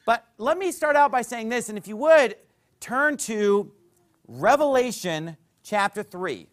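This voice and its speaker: A pastor preaching a teaching sermon to his congregation, walking them through a chart and checking in with frequent "okay?" asides, swinging between emphatic loud phrases and quiet ones. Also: very high-pitched, lively intonation, a little slow.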